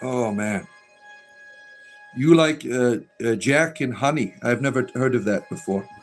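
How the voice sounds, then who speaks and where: A middle-aged man chats loosely on a livestream, reading out viewer comments and answering them. He rambles with frequent fillers and restarts in a mid-range voice. Soft music plays faintly underneath. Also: mid-range voice, a little slow. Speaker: livestream host reading chat. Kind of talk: casual livestream chat.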